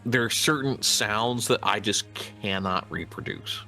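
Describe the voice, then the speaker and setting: A man's voice: on the low side, unhurried, pushed and bright, soft background music. A man with a Midwestern American accent, chatting as a guest on a casual podcast in a rambling, hesitant way. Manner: rambling, hesitant, with many restarts. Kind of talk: casual chat.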